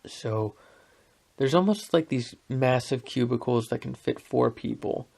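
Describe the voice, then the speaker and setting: In an unhurried, gravelly, slightly mellow mid-range voice, a young man rambles through a story on his podcast. The monologue is casual and self-deprecating, with lots of fillers.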